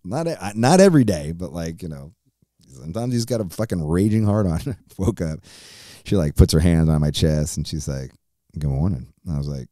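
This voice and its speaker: A man's voice: low voice, expressive, brisk, mellow, dry recording, studio quality. A man in his forties hosting his own podcast, chatting casually in a rambling, profane way and laughing often. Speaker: podcast host. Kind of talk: casual solo podcast chat.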